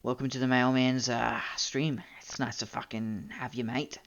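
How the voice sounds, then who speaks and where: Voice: medium pitch, flat delivery, vocal fry, highs cut off, pitched below the performer's own voice, natural voice. A Canadian streamer putting on an overdone mock-Australian accent as a greeting bloke. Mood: hammy. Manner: hammy, deliberately overdone.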